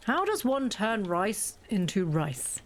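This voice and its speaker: A woman with a mid-range voice speaks slowly, with big swings in pitch. As she streams a farming game, she keeps up relaxed, self-deprecating chatter and thinks out loud.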